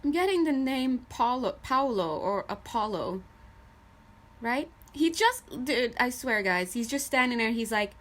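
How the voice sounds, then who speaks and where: A woman giving a casual tarot reading to her viewers. She is chatty and animated, often laughing as she goes. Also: a little high, unhurried. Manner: addresses viewers directly. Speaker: tarot reader.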